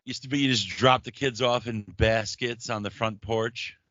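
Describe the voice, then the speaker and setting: A man hosting a podcast, telling stories in crude, profane, animated banter. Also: mid-range voice, normal speed, dry recording, muffled recording. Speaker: podcast host.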